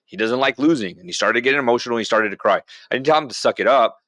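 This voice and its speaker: A middle-aged veteran speaking as a podcast guest, telling motivational stories in a blunt, animated way and calling listeners bro. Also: male voice, medium pitch, fast, no room sound. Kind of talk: motivational storytelling.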